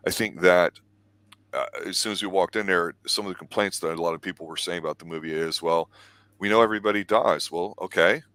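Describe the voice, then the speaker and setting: A man's voice: low voice, steady tone, fast, fairly bright tone, dry recording. A man co-hosting a casual movie review chat, rambling with frequent restarts. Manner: rambling, many restarts, acts out quotes. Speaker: movie review show co-host.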